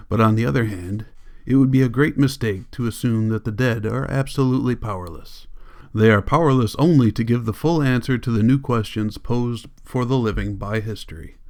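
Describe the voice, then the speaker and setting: A man's voice: mid-range voice, a little fast, a little mellow, lightly acted. A man reading an audiobook, voicing a cold, commanding political leader who lectures in an icy, insistent way. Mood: lecturing.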